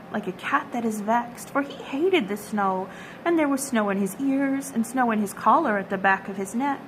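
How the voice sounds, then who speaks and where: A woman reading a children's storybook aloud in a gentle, expressive storytelling manner. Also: on the high side, slight background noise, rough recording.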